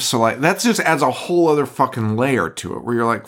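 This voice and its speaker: A man's voice: medium pitch, fairly quick, hardly any pauses. A man co-hosting a podcast, casually recapping a film with a lot of swearing, laughter and mocking voices for the characters. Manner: profane, animated retelling with mock voices. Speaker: podcast co-host.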